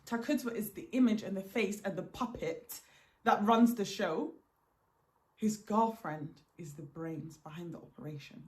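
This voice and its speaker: A woman vlogger tells a dramatic story from her own life, speaking animatedly and emphatically and often repeating words for effect. Her voice is medium in pitch and a little slow.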